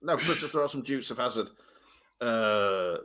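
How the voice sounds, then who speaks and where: A man co-hosting a casual livestream chat, rambling and halting, often trailing off into mumbles. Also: mid-range voice, animated, fairly bright tone. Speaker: co-host.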